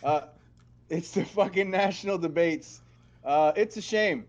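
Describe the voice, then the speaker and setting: A man's voice: high-pitched, a little slow. Showy podcast host man, lo-fi sound. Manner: showy, mock-grand intros, laughs often. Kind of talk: casual chat.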